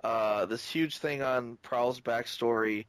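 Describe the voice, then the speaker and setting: A man co-hosting a podcast in casual chat, animated and fond of acting out quoted lines. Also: mid-range voice, slow, smooth, no echo. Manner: animated, hops into quoted voices. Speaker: podcast co-host.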